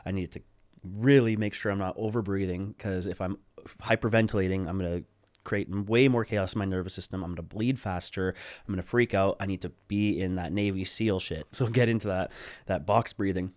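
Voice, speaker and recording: Low voice guy telling a story on a podcast, swearing a lot, dry close sound. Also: a little fast, no room sound. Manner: animated, swears freely, acts out quotes. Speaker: podcast guest. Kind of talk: casual storytelling.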